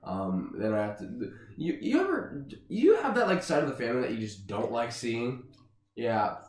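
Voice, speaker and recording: A young man co-hosting a casual podcast, joking and deadpan. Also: medium pitch, normal speed. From United States. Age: young adult. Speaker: podcast co-host. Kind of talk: casual chat. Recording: echoey room, mic at a distance.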